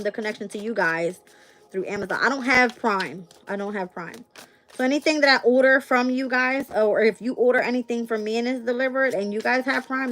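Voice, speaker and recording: A woman's voice: a little high, a bit bright. A young woman hosting a casual live stream and reading tarot cards, blunt and profane, with frequent laughs.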